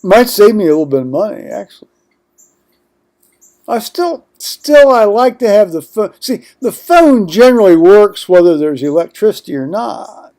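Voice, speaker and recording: A man's voice: sits high, big pitch swings, moderate pace, warm tone. An older man vlogging at home in a rambling monologue, digressing often with blunt, profane asides.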